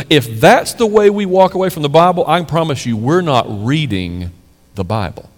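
A male pastor preaches in a church, his fairly high voice rising to forceful peaks and dropping low on key words. Rhetorical questions keep the congregation engaged. A long reverb of the large hall trails each phrase. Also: animated, normal speed. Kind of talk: sermon.

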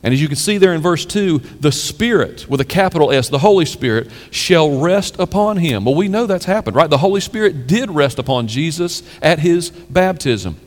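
A male pastor preaches in a church, his fairly high voice rising to forceful peaks and dropping low on key words. Rhetorical questions keep the congregation engaged. A long reverb of the large hall trails each phrase. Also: animated, moderate pace, few pauses. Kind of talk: sermon.

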